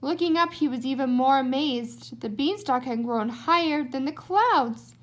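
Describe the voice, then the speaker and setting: A woman reading a children's storybook aloud, giving the narration an expressive lilt. Her voice is high and light. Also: measured pace. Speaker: storybook reader.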